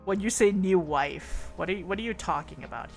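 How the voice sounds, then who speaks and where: A woman's voice: on the low side, lively intonation, a little fast, faint music behind. A woman streamer chatting casually with viewers, reading their messages, rambling with lots of fillers, teasing, and giggling often.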